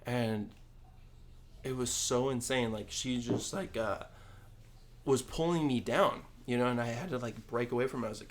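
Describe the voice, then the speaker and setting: A young man co-hosting a casual podcast chat, laid-back, with short agreeing replies and halting stories. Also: medium pitch. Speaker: podcast co-host.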